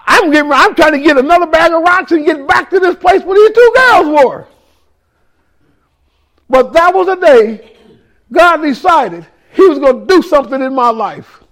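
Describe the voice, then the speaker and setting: A man in ministry giving a testimony sermon, telling his story in a raw, emotional, street-casual way, rising to shouts and speaking directly to the room. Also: very high voice, expressive, normal speed. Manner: addresses listeners directly in the room.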